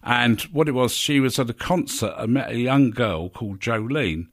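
A man's voice: medium pitch, normal speed, fairly bright tone. A man co-presenting a casual radio chat, telling rambling anecdotes.

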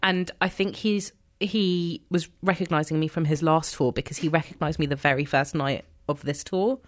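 A young woman telling an animated story in a chat, excitable and laughing often, acting out her own quotes. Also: deep voice, moderate pace. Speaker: guest telling a fan story.

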